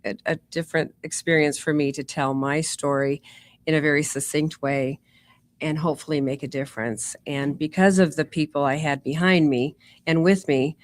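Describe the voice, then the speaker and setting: A middle-aged woman, a nurse practitioner, is the guest in a casual interview, telling her story warmly and chattily with lots of fillers like "you know" and "um." Her voice is deep and steady, at a normal pace. There is no echo in the recording.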